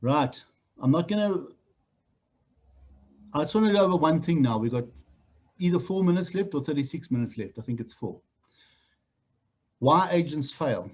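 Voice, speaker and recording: South African trainer, middle-aged man, husky and fairly high, blunt and teasing delivery for group training. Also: moderate pace, pauses often. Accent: South African English. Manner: blunt, animated, teasing the room. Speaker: real estate trainer. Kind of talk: training talk to new agents.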